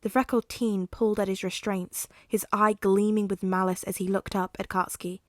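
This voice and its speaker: A woman narrating a fan fiction audiobook in a steady, measured storytelling voice. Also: mid-range voice, dry recording, studio quality. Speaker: podfic reader.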